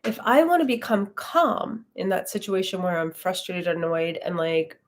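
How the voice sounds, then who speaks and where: A woman's voice: mid-range voice, lively intonation, measured pace. A woman leading an online class, talking in a reflective, conversational way with frequent fillers. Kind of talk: casual live-stream teaching.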